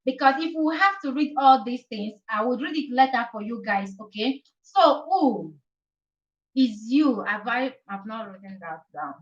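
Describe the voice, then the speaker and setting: A woman's voice: on the high side, expressive, measured pace. A woman teaching the alphabet in a casual live stream, chatty and repetitive, often checking in with "okay?". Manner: chatty, repeats letters, asks "okay?" often. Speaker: Italian teacher. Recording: distant dull live-stream audio.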